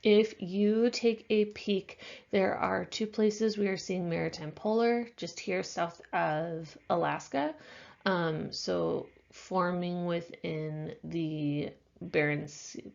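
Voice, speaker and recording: A woman teacher talks through a science lecture at a slow, easy pace, with a gravelly, creaky edge to her lowish voice. She explains casually, with plenty of fillers, and sounds a little tired. The recording is slightly dull and lo-fi. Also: a little mellow. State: yawning, tired.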